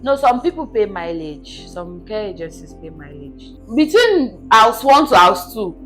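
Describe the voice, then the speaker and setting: A woman telling her life story as a podcast guest in a relaxed chat, earnestly checking that her listener understands. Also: medium pitch, measured pace, faint music behind. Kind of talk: casual interview storytelling.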